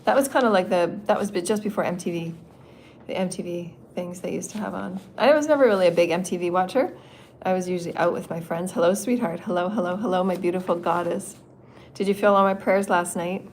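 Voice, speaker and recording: A woman's voice: fairly low pitch, brisk, darkish tone, slight background noise. Chatty middle-aged woman channeling spirit messages. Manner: chatty and meandering, laughs often, swears freely. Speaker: spiritual channeler hosting a livestream. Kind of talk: casual rambling livestream chat. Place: indoor meeting room.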